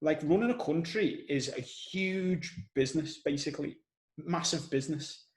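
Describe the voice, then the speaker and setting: Animated Scouse man in a roomy echo. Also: fairly high pitch, normal speed. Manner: animated storyteller, swears casually. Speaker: podcast host. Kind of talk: casual conversational podcast chat.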